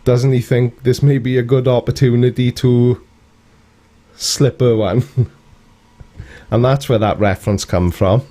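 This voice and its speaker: Guy on a live stream, talks slow and laid back, mellow voice, keeps chuckling at comments. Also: mid-range voice, fairly even intonation. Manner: chuckles often, rambling and cheeky. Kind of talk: casual live chat reading comments.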